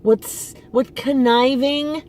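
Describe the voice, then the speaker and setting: A woman's voice: high-pitched, steady tone, takes it slowly, darkish tone. A middle-aged woman vlogging outdoors in front of her apartment, venting with frustration and emphasis and often restarting her sentences. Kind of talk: casual personal venting.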